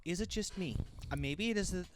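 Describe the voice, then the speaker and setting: A man's voice: high-pitched, a little fast, a little hiss or hum. A man co-hosting a casual review chat, jokey and a bit rambling. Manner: jokey, chatty, slightly rambling. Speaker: co-host of a review show.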